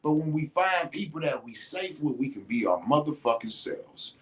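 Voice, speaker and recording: A podcast host telling a casual dating story in a profane, slangy, animated way, often restarting and repeating words. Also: mid-range voice, normal speed.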